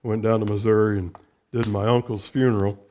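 A middle-aged man preaching as a pastor, lifting his voice loud on scripture and dropping to quiet, conversational asides. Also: fairly low pitch, level tone, a little fast, muffled recording, slight background noise. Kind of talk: sermon.

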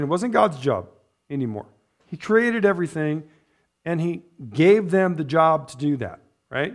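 Male pastor with a raised pitch, relaxed conversational preaching, keeps asking "right?". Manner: chatty, tags points with "right?" and "amen?". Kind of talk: conversational sermon. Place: church.

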